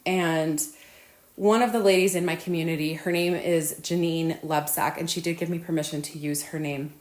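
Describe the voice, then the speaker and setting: A woman's voice: low voice, steady tone, normal speed, darkish tone, echoey room. A woman hosting her own podcast at home, talking in an earnest, effusive, rambling way with plenty of fillers. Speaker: podcast host. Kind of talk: casual podcast monologue.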